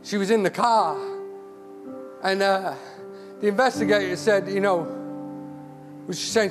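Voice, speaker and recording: High-voiced man preaching in a big hall. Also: a little slow, pauses often. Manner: impassioned, repeats words when building up. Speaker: charity CEO, guest preacher. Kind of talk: sermon. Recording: hall reverb with music.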